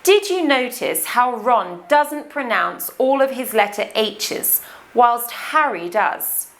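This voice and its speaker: A British woman explaining English accents as a teacher, talking carefully and deliberately. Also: fairly high pitch, animated, faint music behind. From Britain.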